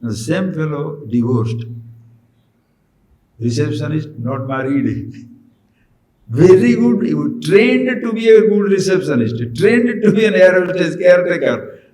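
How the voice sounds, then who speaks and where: A man's voice: fairly high pitch, expressive, measured pace, long pauses, a little mellow, roomy sound, poor audio. A man giving a spiritual discourse, pressing his listeners with rhetorical questions. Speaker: spiritual teacher.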